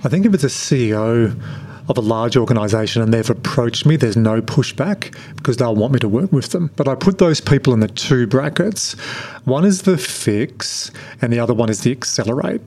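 A middle-aged Australian man with a relaxed, conversational manner, answering interview questions as a productivity coach. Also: mid-range voice, fairly quick, breathy edge. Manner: relaxed, conversational, frequent restarts.

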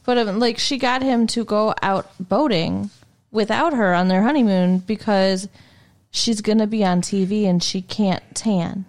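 A woman co-host talks through a film with a friend, picking at plot holes and asking why characters did what they did. Her voice sits at an ordinary mid pitch and her speech is loose and peppered with "like". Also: unhurried, a little mellow. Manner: questioning, puzzled, lots of "like". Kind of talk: casual chat about a film.

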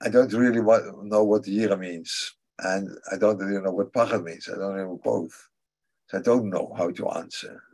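A religious teacher with a husky, low, darkish voice answers his students' questions in class. He speaks haltingly and thoughtfully, repeating key phrases for emphasis.

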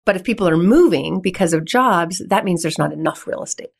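A woman, a guest on a podcast, telling stories in an animated way, often laughing and acting out dialogue. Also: on the low side, a little fast, vocal fry, slightly rough. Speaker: podcast guest, real estate investor. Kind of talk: conversational storytelling.

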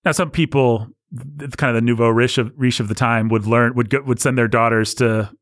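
A man's voice: medium pitch, steady tone, fairly quick, a bit bright, dry recording, studio quality. A man hosting a casual film discussion, explaining at length with many restarts. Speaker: podcast host.

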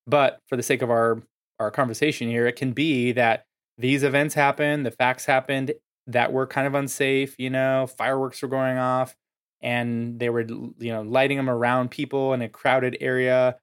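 A man's voice: medium pitch, little pitch movement, moderate pace, fairly bright tone, smooth. A man hosting a solo podcast, explaining ideas in a casual way with lots of filler words. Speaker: podcast host.

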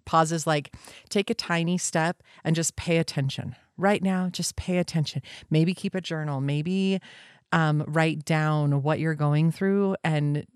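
Enthusiastic low-voiced woman chatting. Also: a little slow, clear, resonant tone, dry recording, clean studio sound. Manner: enthusiastic, animated when quoting others. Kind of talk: casual conversational chat.

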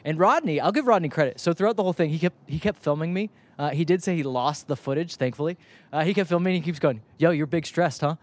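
A young man hosting a casual soccer talk show, telling stories quickly and acting out what others said. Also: fairly high pitch. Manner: animated, quick storytelling with acted-out quotes. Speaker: soccer podcast host. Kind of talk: casual sports chat.

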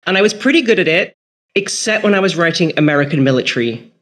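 A man's voice: on the high side, lively intonation, quick pace, fairly bright tone. A man talking as a guest author in an interview, enthusiastic and self-deprecating, with frequent restarts. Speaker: author and nature writer, guest. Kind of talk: casual interview chat.

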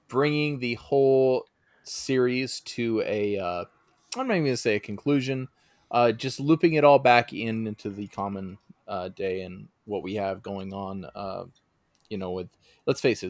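A man co-hosting a casual podcast who speaks in a measured, hesitant way with many uhs. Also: on the low side, no echo, studio quality. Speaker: podcast co-host.

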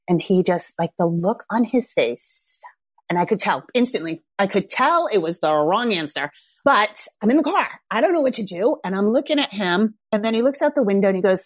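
A woman's voice: medium pitch, big pitch swings, moderate pace, slightly rough, no echo, studio quality. A middle-aged mother animatedly telling a story to her viewers, laughing and acting out the voices of the people she quotes.

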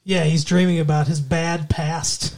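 A middle-aged podcast co-host in casual chat, rambling with lots of fillers and dropping into quick jokey impressions. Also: medium pitch, level tone, a little mellow.

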